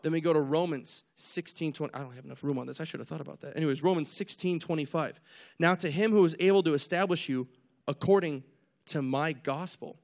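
A young man preaching in a casual, lively way, retelling a story and acting out its people with jokes at his own expense. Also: fairly high pitch, fast talker, creaky. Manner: animated storyteller, acts out characters, jokes at himself.

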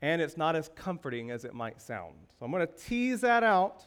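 A man's voice: fairly high pitch, big pitch swings, normal speed, fairly bright tone, smooth. A male pastor preaching a sermon, asking the congregation rhetorical questions with emphasis.

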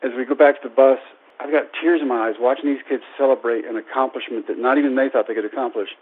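A man in his thirties telling a personal story in a speech, self-deprecating and animated. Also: mid-range voice, fast. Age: 30s. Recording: tinny phone-like radio sound.

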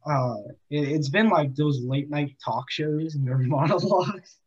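A man's voice: a little high, a little slow, dull audio, crowd noise. A teenage boy chatting casually on a student podcast, agreeable and asking the group questions. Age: teens. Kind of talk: casual chat.

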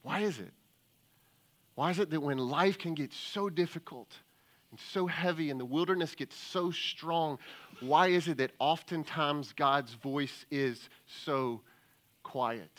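A man delivering a sermon as a church's lead pastor, his voice slightly high and sharp-edged. He preaches with dramatic emphasis, repeats questions for effect and drops in jokes for his congregation. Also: a little slow. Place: church service before a congregation.

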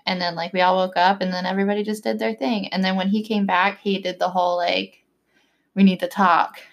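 A woman's voice: medium pitch, level tone, fast, vocal fry. A young woman in casual conversation, telling a personal story in a chatty way, full of "like" fillers and acted-out quotes. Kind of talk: casual chat.

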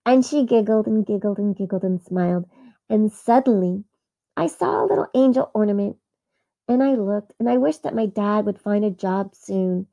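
A woman narrating a first-person Christmas story in an earnest, animated way. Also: mid-range voice, moderate pace, creaky. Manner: earnest, animated, with small laughs.

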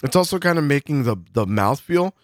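A man's voice: fairly high pitch, lively intonation, fairly quick, no echo, clean studio sound. A man co-hosting a podcast, chatting casually and tasting beer, laid-back and swearing freely. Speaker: podcast co-host.

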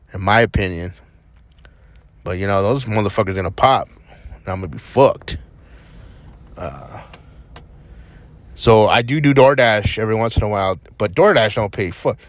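A man's voice: fairly low pitch, normal speed, pauses often, no echo. A young man from New Mexico hosting a podcast, rambling in a casual monologue from a parked vehicle, blunt, profane and defiant. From Albuquerque, New Mexico. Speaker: podcast host.

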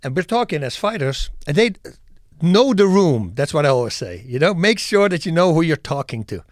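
A man telling lively stories and acting them out in a casual chat, laughing often. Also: on the high side, normal speed, no room sound, clean studio sound. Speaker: guest, former fighter and actor. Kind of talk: casual storytelling.

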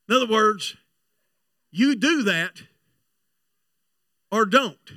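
A man preaching at a church revival, swinging from chatty storytelling to loud shouting. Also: high-pitched, expressive, slow, long pauses, dry recording, clean studio sound, far from the mic. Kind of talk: revival sermon. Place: church sanctuary.

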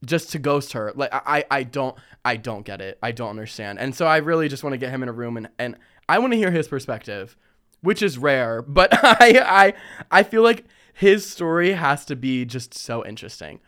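Animated young man telling stories. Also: normal speed, clear, resonant tone. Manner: animated, laughing, quoting himself in higher voices. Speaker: storytelling vlog host. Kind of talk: casual storytelling.

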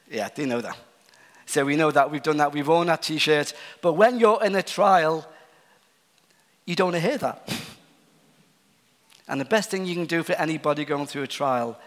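A male preacher delivers an earnest sermon, pressing some points hard and dropping to a hush for others. His voice sits fairly high for a man. Long reverb from the large hall trails each phrase. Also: moderate pace, pauses often. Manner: earnest, swinging from emphatic to hushed.

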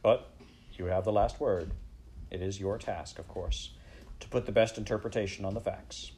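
A stern official speaks with cold disapproval, voiced by a man reading an audiobook. His voice is deep and dark, and he weighs every fault. The tone stays severe throughout. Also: moderate pace, a little hiss or hum, close to an everyday voice. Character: severe stern male official judging a case.

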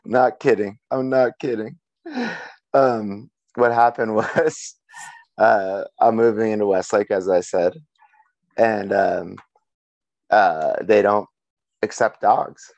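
Young male co-host, low voice, dry close sound, chatty storyteller who laughs a lot. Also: fairly even intonation, slow, long pauses, a little mellow, no echo, dull audio. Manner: laughs through a storytelling rant. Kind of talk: casual chat.

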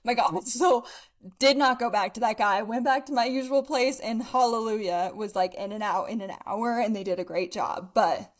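A woman's voice: fairly high pitch, moderate pace. Breathless, chatty young woman podcast host. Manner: chatty, upbeat, laughs often. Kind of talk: casual chat.

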